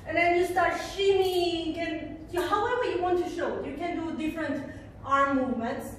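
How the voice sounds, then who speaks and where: A woman's voice: extremely high pitch, moderate pace, far from the mic, a little hiss or hum. A woman teaching a belly dance routine, counting beats aloud and singing the melody in syllables as she demonstrates, recorded in a studio. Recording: roomy echo, voice from off-mic.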